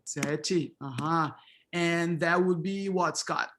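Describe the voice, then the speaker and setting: A man's voice: fairly high pitch, slow, fairly bright tone, slight background noise. A middle-aged man leading an online pronunciation workshop over a video call, calling on students and repeating words back with frequent affirmations. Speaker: workshop instructor.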